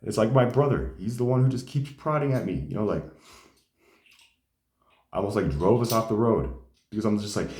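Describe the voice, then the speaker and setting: A man's voice: on the low side, animated, fairly quick, pauses often, a little mellow. A man telling personal stories in casual conversation, rambling with many fillers. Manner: rambling, many fillers, acts out quoted dialogue. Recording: echoey room.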